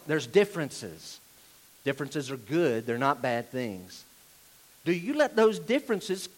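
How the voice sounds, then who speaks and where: A male pastor with a Southern US drawl and a medium-pitched voice preaches directly and conversationally, firing pointed questions at his listeners.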